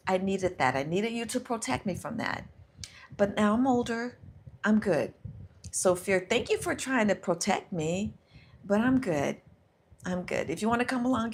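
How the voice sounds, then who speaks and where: A woman hosting a live stream, giving a casual motivational talk with animated self-talk. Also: medium pitch, slight background noise. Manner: warm, animated self-talk, sometimes laughing. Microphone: microphone close by.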